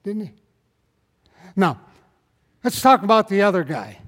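A man preaching a sermon in an animated, emphatic way, swinging up into loud bursts and tagging points with rhetorical questions, calling on listeners by name. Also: high voice, unhurried, in a large hall. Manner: addresses congregation members by name.

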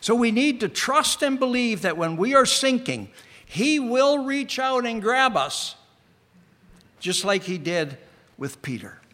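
High-voiced preacher in a reverberant hall. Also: male voice, very animated. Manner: earnest, slows for emphasis and sinks to a hush. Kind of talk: sermon.

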